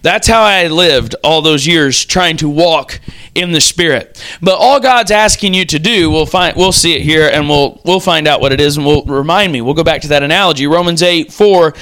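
High, bright-voiced male preacher. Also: normal speed. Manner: vivid storytelling, acts out quotes. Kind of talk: sermon.

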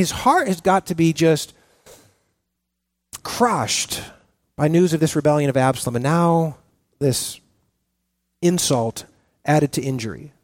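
A man preaching a sermon as pastor, earnest and halting, often restarting his sentences with fillers. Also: on the high side, a little mellow, dry recording.

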